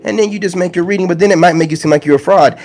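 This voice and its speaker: Brash ranting man, slightly high voice. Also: very fast, a little mellow. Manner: confrontational, slangy, repeats points. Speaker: online spiritual content creator. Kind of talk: ranting direct-to-camera monologue.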